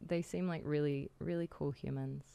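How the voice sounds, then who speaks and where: A woman's voice: sits low, fairly even intonation, normal speed, gravelly, mellow, smooth. A young Australian woman chatting casually on a live stream, giggling and reading out her chat.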